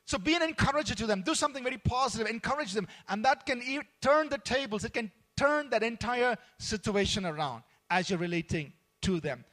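A man with a very high, pushed, bright voice preaches a sermon on workplace conduct. He speaks conversationally and earnestly, with frequent fillers and restarts.

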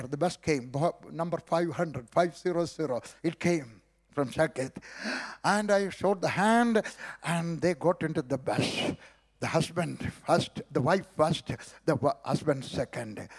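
An older man preaching a sermon in English with an Indian accent, telling a testimony in rhythmic, repeated lines punctuated by hallelujahs. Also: high voice.

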